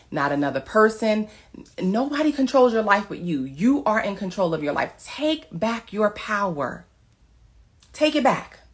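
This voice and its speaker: Woman wellness coach, motivational monologue, emphatic, preachy, slightly low voice. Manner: emphatic, preachy, repeats commands. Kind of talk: motivational social media monologue.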